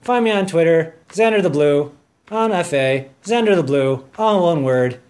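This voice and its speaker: A man's voice: a little high, expressive, a little slow, darkish tone, smooth. A man hosting his own podcast, chatting alone in a hyper, goofy, rambling way. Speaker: podcast host. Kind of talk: casual solo podcast chat.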